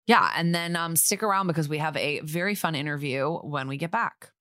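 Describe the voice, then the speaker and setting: A woman's voice: low voice, fairly quick, over loud music. A woman co-hosting a podcast, talking casually with "um" and "like" and laughing along with her guest. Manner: relaxed, laughs along, fillers like "um" and "like". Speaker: podcast co-host.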